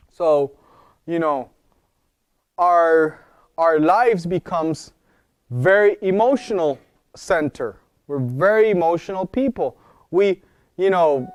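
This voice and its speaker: A man's voice: high voice, darkish tone, dry recording, clean studio sound. A man teaching a wellness class in an informal, explanatory way and often checking in with his audience. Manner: explanatory, asks the audience questions. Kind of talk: informal lecture. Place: wellness center talk.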